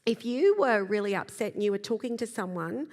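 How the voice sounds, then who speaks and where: A middle-aged woman giving a calm, gentle talk on parenting to a live audience, pausing to demonstrate slow breaths and sighs. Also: mid-range voice. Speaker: parenting speaker. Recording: long reverb of a large hall.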